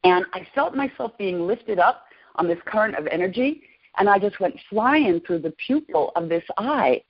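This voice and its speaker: Woman in her 60s telling her story, all worked up and emotional, mid pitch, dull lo-fi sound. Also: moderate pace, husky. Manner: excited, emotional retelling. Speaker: guest. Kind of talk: personal storytelling. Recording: lo-fi podcast audio.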